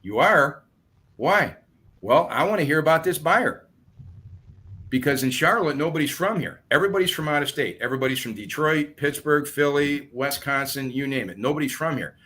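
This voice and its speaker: A man's voice: fairly high pitch, animated, moderate pace, sharp tone. A man who sells real estate, explaining his methods in a podcast chat and acting out phone calls as he goes. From southern United States. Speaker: guest real estate agent.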